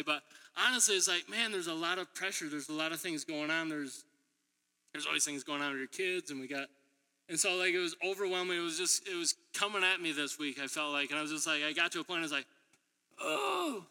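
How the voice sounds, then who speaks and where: Bright-voiced man preaching in a hall. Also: on the high side. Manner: chatty storytelling, laughing, acting out quotes. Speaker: preacher and middle school teacher. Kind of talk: sermon. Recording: long hall reverb.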